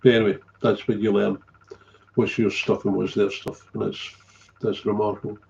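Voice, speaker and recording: A man's voice: on the low side, little pitch movement, normal speed, gravelly, a little mellow, dull audio. A middle-aged man, telling a candid story as a recovery sponsor, blunt and swearing freely, often trailing off and repeating himself.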